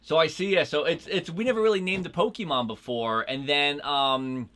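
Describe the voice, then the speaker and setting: A man's voice: a little high, normal speed, a bit bright. Playful man chatting over a live game. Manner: playful, laughs often. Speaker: streamer. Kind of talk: casual live-stream chat.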